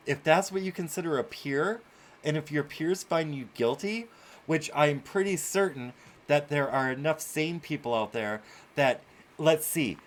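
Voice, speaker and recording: A male host ranting through live-streamed commentary, exasperated and swearing freely. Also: on the high side.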